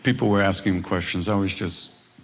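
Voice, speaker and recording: A man's voice: sits low, fairly quick. A man teaching at a live retreat workshop, telling stories in a wry, conversational way and acting out the people in them. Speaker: spiritual teacher leading a workshop. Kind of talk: informal teaching talk with storytelling.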